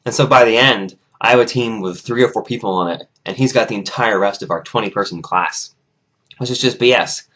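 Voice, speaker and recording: A young man vlogging casually, retelling a story and chatting in a rambling, animated way with frequent restarts. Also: on the low side, a little fast.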